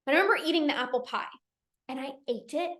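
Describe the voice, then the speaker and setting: A woman coach talking casually in a live session, energetic and chatty with many restarts. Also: high-pitched, fast, roomy sound. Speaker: binge eating coach hosting a live session. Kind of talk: casual live-stream talk.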